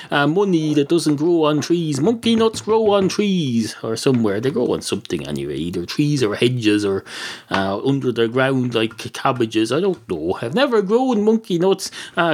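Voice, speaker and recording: Rambling Irish man, lively sarcastic rant. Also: a little high. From Ireland. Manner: sarcastic, rambling, swears, puts on silly voices for quoted people. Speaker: podcast host. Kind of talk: comic rambling monologue.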